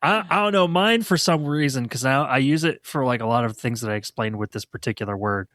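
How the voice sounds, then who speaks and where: A man's voice: medium pitch, brisk, a bit bright, dry recording, studio quality. Laid-back rambling man on a podcast. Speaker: podcast co-host. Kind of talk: casual chat.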